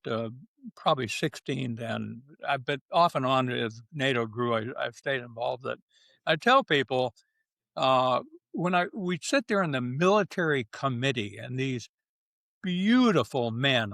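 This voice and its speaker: A man's voice: medium pitch, fairly bright tone, dry recording. An older man, a retired general, speaking bluntly and emphatically in an interview, with short punchy phrases. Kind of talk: candid interview talk.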